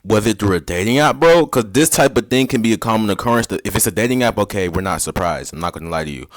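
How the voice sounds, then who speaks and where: A man's voice: fairly low pitch, animated, quick pace. A man hosting, giving casual reaction commentary in slangy, lecturing talk. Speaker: dating coach, host.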